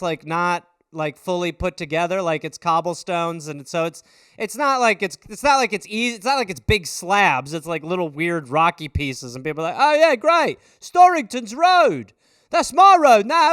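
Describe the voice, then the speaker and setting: A man in his thirties hosting his own improvised comedy show, riffing in an animated, swearing rush. His voice sits high and comes through smooth and clean. The room sounds dry and close, with no echo. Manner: animated, swearing, jumps into quick character voices. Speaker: comedy podcast host.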